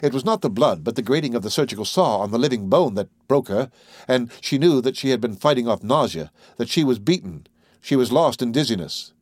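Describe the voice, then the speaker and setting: A man narrating an audiobook in a measured, unhurried way. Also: medium pitch, expressive, no echo, studio quality.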